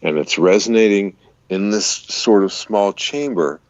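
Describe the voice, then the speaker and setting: A man, a voice-over artist and radio DJ, chatting in an interview and explaining voice technique in an easy way, with a deep, resonant voice. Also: measured pace, no echo, highs cut off. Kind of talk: casual interview chat.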